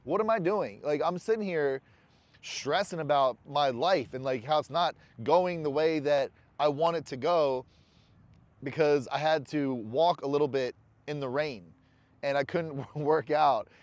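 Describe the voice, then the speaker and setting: A man's voice: on the high side, unhurried, darkish tone, no echo. Blunt, profane man talking to camera. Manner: blunt, profane self-talk; candid and rambling, with restarts. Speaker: vlogger. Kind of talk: casual motivational monologue to camera.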